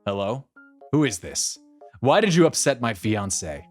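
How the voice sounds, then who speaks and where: A man's voice: medium pitch, very animated, moderate pace, darkish tone. A man voicing a mild, apologetic young groom, with background music. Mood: puzzled. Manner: mild, apologetic, plain-spoken.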